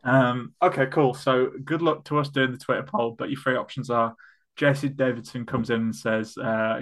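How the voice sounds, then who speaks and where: A man's voice: mid-range voice, fairly even intonation, normal speed, fairly bright tone. A man hosting a casual football podcast, chatty and full of ums as he steers the segment. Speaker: podcast host. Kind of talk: casual chat.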